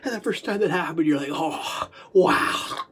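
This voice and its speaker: A man's voice: on the high side, animated, racing, noisy background. A stuffed-up, short-of-breath man talking alone, breaking into laughing fits and coughing and swearing freely. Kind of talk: rambling solo monologue. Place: kitchen.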